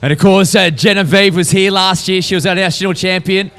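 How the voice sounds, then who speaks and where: A man's voice: high-pitched, steady tone, brisk, a bit bright, clean tone, faint music behind. An Australian man commentating a race finish, upbeat and joking as runners come in. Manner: upbeat, joking banter while calling runners in.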